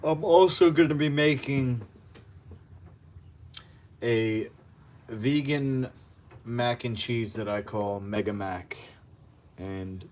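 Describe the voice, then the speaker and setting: A man reads news stories aloud at home and keeps breaking off into sarcastic asides. His voice sits at an ordinary middle pitch, and the talk is loose and casual, recorded in an apartment kitchen while he cooks. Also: slow pace, pauses often, darkish tone. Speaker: host of a home news show.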